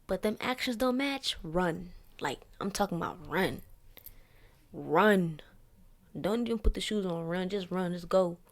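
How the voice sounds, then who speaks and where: A young woman hosts a candid solo venting podcast, handing out blunt, profane, preachy relationship advice in casual slang. She speaks at a measured pace with a fairly low pitch.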